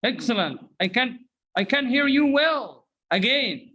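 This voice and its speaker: A man's voice: extremely high pitch, expressive, a little slow, bright, forceful tone, poor audio. A man teaching English pronunciation, drilling phrases and asking learners to repeat after him, mixing in Arabic explanations. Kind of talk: interactive language lesson.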